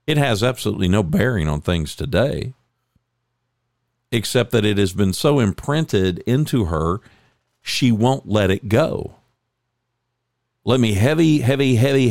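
A man's voice: dry recording, studio quality. A middle-aged man in a reflective monologue, telling coaching stories with emphatic, rising stresses. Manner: emphatic, builds to higher excited peaks. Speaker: speaker sharing coaching stories.

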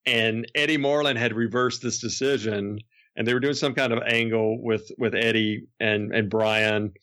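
A man's voice: lowish voice, steady tone, moderate pace, pushed and bright. A man who is a podcast guest, casually telling rambling anecdotes with frequent chuckles and restarts.

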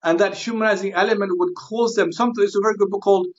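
A man speaking as a guest scholar on a podcast, earnest and halting, often repeating and restarting words. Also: sits high, fairly even intonation, lo-fi sound. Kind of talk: podcast interview discussion.

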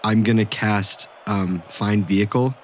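A man playing in a tabletop game, describing his character's action in an animated, vivid way. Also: lowish voice, a little slow, slight background noise. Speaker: player. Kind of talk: casual tabletop play.

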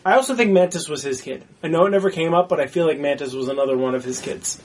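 A man's voice: fairly high pitch, fast talker, far from the mic. A man in casual movie talk who swears a lot and acts out his own reactions.

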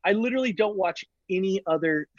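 Podcast co-host, a man with a higher voice, swearing and emphatic, dull dry lo-fi mic. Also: animated, fast talker, no room sound. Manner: profane, emphatic, says dude a lot. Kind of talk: casual chat.

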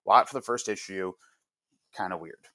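A man hosting a podcast, retelling a comic's story in casual chat, animated and full of fillers. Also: low voice, normal speed, dry recording. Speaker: podcast host reviewing a comic.

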